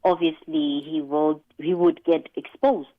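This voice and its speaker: Slow, low-voiced woman on radio. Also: steady tone, dry recording, narrow, tinny audio. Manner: unhurried, thoughtful, many fillers. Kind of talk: radio talk show discussion.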